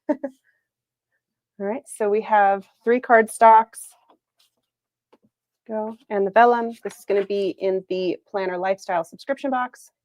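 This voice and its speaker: A woman's voice: mid-range voice, fairly even intonation, a little slow, long pauses, darkish tone, no echo. A woman hosting a casual livestream product reveal, chatty and upbeat, laughing often. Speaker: planner shop owner hosting a livestream. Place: Arizona.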